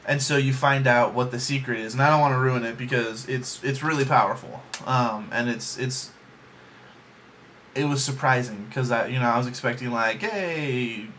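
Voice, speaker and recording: A man's voice: medium pitch, steady tone, moderate pace, fairly bright tone, a little hiss or hum. A man giving a casual, rambling movie review from his bedroom, joking along with plenty of ums and likes. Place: home bedroom.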